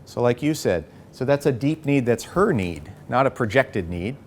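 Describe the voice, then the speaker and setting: A man leading a live workshop, coaching the group with an energetic manner and frequent "okay?" and "right?" check-ins. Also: mid-range voice, moderate pace, slight background noise. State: a bit out of breath. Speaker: workshop facilitator. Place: workshop room.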